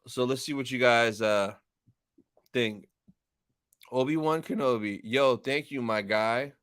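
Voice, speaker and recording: A man's voice: medium pitch, slow pace, a bit bright, clean tone, dry recording, studio quality. Chatty man hosting a live stream. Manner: reads chat aloud and thanks viewers, upbeat and chatty. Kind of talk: casual live stream chat.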